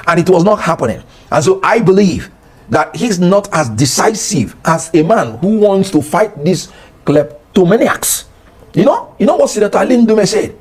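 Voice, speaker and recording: A middle-aged Nigerian man speaking with an accent as a guest on a political talk show, passionate and rising toward shouting. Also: sits high, breathy edge. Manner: impassioned, rising to near shouting.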